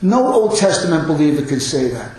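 A man's voice: a little high, sing-song, brisk, a little mellow. A man in his fifties preaching a sermon in a church, earnest and emphatic, driving points home by repeating phrases. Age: 50s. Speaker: pastor. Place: church hall. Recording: very echoey room.

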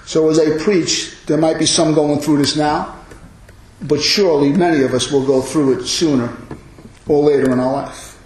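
A man preaching a sermon as pastor, impassioned, rising into loud cries on quoted lines. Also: on the high side, fairly even intonation, moderate pace. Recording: very echoey hall.

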